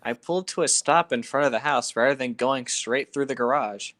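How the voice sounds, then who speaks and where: A man's voice: medium pitch, fairly quick, fairly bright tone. Bantering man reading aloud. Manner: mock-defensive, bantering. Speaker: podcast co-host reading aloud. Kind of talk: casual joking group reading.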